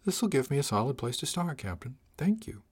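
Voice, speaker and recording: A man reading an audiobook, voicing a shy young woman who serves as ship's chief, with a soft girlish voice that carries a serious edge. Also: mid-range voice, big pitch swings, brisk, slightly rough, pitched above the performer's own voice. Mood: earnest. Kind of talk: audiobook character voice.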